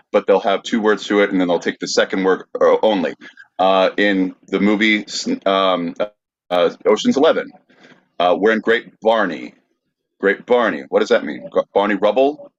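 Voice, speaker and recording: Low-voiced man explaining, dull lo-fi sound. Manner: deliberate, explanatory, with frequent "uh". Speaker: podcast host. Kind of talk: presenting a quiz segment.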